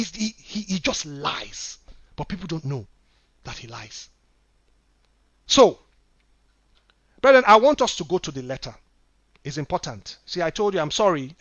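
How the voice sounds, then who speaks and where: Fiery high-voiced preaching man. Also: no echo. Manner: preachy, addresses listeners as brethren, swings from hushed to shouting. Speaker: online preacher. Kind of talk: impassioned religious commentary.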